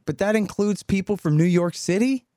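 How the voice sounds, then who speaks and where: A man's voice: sits high, normal speed, dry recording, studio quality. A man in his fifties hosting a casual political interview, telling stories animatedly. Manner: animated storytelling with voiced quotes. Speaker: host.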